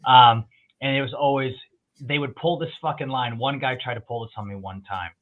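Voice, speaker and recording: A man who swears freely and tells animated stories in a loose chat. His voice comes through thin and phone-like, as if over a call. He sits at a middling pitch for a man. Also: normal speed. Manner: profane, storytelling, animated. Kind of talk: casual chat. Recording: tinny phone-like line.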